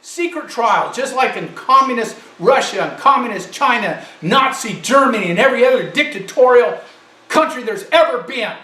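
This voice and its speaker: A man delivering an angry, loud and emphatic political rant as a commentator. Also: very high-pitched, lively intonation, moderate pace, echoey room, far from the mic, poor audio.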